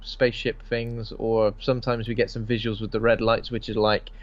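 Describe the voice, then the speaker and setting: A man's voice: lowish voice, little pitch movement, normal speed. A chatty man co-hosting a horror podcast, swearing freely and acting out bits of dialogue. The audio sounds dull and lo-fi. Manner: chatty, swears, acts out lines in raised voice. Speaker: podcast co-host. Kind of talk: casual film discussion.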